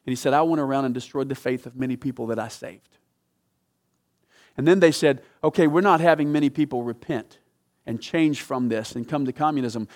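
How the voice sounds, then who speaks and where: A man preaching a sermon, telling a story with dramatic swings from loud emphatic peaks to hushed, low passages. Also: brisk.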